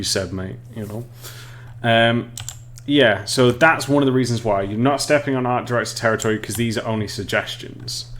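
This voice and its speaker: A man's voice: mid-range voice, fairly bright tone. An English man casually explaining game level design on a live stream, chatting with viewers and often restarting sentences. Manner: chatty, reads chat aloud, frequent restarts and laughs.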